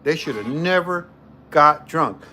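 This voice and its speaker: A man chatting casually to a livestream audience, joking and circling back to the same points. His voice sits high for a man and swings widely up and down. The delivery is loose and conversational. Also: unhurried, slight background noise. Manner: animated, joking, repeats himself. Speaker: livestream host. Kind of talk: casual storytelling to a live chat.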